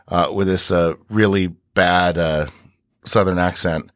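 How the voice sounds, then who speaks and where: A man's voice: deep voice, steady tone, moderate pace, fairly bright tone, no echo, clean studio sound. A man co-hosting a podcast, recapping scenes in a rambling way with many restarts. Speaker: podcast co-host. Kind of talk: casual podcast discussion.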